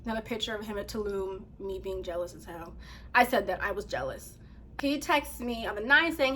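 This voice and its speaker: A woman vlogger casually telling a story to her viewers, animated, laughing often and reading text messages aloud. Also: a little high, a little fast.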